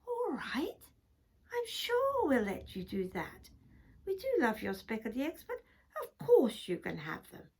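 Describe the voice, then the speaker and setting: A woman voicing a kindly farmhand who speaks in a calm, low, reassuring way. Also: unhurried, slightly rough, full character voice.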